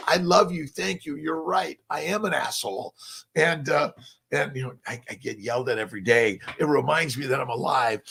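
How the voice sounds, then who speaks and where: Older male host, gravelly and husky, rambling folksy pep talk with swearing. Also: a little high, a bit bright. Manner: folksy, preachy, swears freely, many fillers. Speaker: fertility doctor hosting a morning motivational talk.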